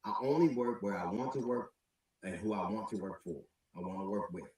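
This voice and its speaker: Middle-aged man, husky voice, dry close sound; measured with halting restarts, rising to indignation. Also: fairly low pitch, a little mellow, dry recording, rough recording. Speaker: comedian. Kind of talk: public statement.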